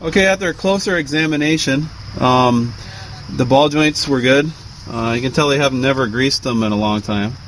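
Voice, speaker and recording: A man's voice: mid-range voice, moderate pace. A man casually showing how to check a truck's front end outdoors, rambling with lots of ums and uhs as he works. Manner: relaxed, rambling, full of ums and uhs while working. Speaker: DIY mechanic showing truck repairs. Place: outdoors beside a truck, away from the house. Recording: noisy outdoor recording.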